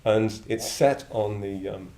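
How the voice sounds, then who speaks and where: A man's voice: lowish voice, slow, gravelly, crowd noise. A man in his seventies from northern England, a Buddhist order member telling blunt, rambling anecdotes with a chuckle. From Middlesbrough, northern England. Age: 70s. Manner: blunt, digressive, chuckling storyteller. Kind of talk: reflective anecdotal talk. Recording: echoey room with faint ambience.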